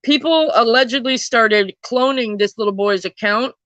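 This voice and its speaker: A woman's voice: fairly high pitch, moderate pace, fairly bright tone, no echo, lo-fi sound. A woman telling a true crime story in a casual, chatty way, swearing freely and talking to her viewers.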